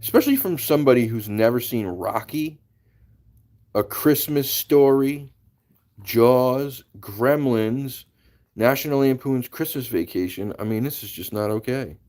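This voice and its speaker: A man's voice: mid-range voice, measured pace, a little mellow. A man hosting a casual livestream, chatting and laughing as he greets viewers by name. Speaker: livestream host. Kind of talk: casual live-stream chat.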